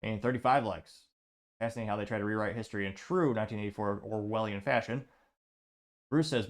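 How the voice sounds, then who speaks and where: A man's voice: on the low side, fairly even intonation. Sarcastic man hosting political commentary. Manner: sarcastic, halting, with restarts. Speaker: host.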